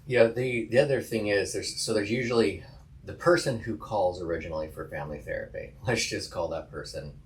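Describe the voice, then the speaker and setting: A man with a lowish voice co-hosts a podcast as a counselor. He talks in a relaxed, casual way, laughing often and restarting his sentences as he thinks aloud. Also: a little fast. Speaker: podcast co-host, licensed counselor.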